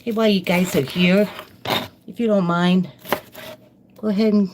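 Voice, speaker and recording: A woman's voice: mid-range voice, fairly even intonation, normal speed. A middle-aged woman chatting casually to viewers while cooking live in her home kitchen, rambling and friendly with her audience. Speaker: live-stream cooking vlogger. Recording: kitchen noise under the voice. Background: chopping and kitchen clicks.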